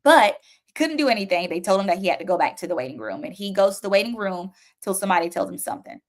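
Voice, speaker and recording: A woman's voice: mid-range voice, animated, quick pace. A young adult woman giving an emotional personal testimony as a talk show guest, acting out frantic voices and pleas as she tells it. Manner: emotional, vivid storytelling with acted-out pleas. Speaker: guest telling her story.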